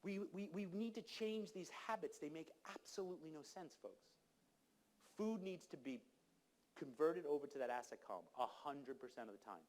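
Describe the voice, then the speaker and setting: A man's voice: on the high side, animated, normal speed, a little hiss or hum. A man giving an emphatic, exhorting talk at a conference, speaking to the audience directly. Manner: emphatic, exhorting, acts out quoted people. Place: conference hall.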